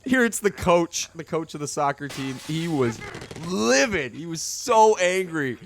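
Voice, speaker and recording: Guy rambling thru a story while gaming, voice jumps around a lot, kinda higher, noisy recording. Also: unhurried, vocal fry. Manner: rambling, many fillers, lively. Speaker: video game commentator. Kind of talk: casual let's-play storytelling.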